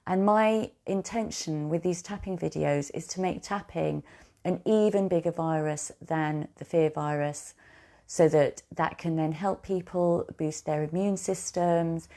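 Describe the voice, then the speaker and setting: Woman coach guiding a tapping session; low, gravelly, mellow voice, slow repeated affirmations. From United Kingdom. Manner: slow, repetitive affirmations for the listener to echo.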